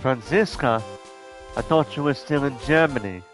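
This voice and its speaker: A man's voice: mid-range voice, moderate pace, soft background music, lightly acted, low-quality recording. A man putting on a stiff British prosecutor. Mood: formal. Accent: attempted British. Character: composed male prosecutor, stiff and formal. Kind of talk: fan reading of a game script.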